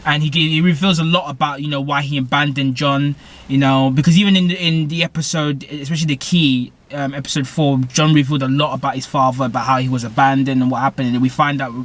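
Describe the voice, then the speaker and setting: A man's voice: medium pitch, flat delivery, quick pace. A young British man casually recapping a TV episode, rambling with lots of fillers and corrections. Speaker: TV show reviewer.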